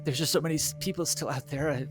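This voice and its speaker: A man's voice: a little high, fast, music in the background, pitched above the performer's own voice, natural voice. A man voicing a timid young male goblin with stage fright who stammers in a tabletop game. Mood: panicked. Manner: stammering, panicky.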